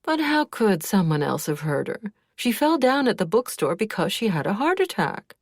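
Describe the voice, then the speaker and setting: A woman's voice: medium pitch, sing-song, normal speed, no echo, voice pushed up. Woman reading as a coaxing, doubtful woman, dry close sound.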